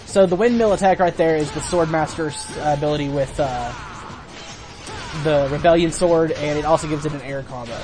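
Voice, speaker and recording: A man's voice: fairly high pitch, a little fast, over music. A man hosting a let's play, chatting casually, laughing often and explaining game mechanics. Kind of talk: casual gameplay commentary.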